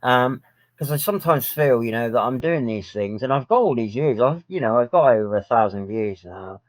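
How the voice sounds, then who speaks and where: A man's voice: medium pitch, animated, normal speed, no echo, rough recording. A man talking frankly to camera in a personal vlog, rambling with many filler ums. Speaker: vlogger.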